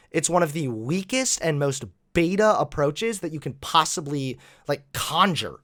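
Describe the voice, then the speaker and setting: Male host, reaction commentary, fairly high voice, mocking, profane, animated. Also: unhurried.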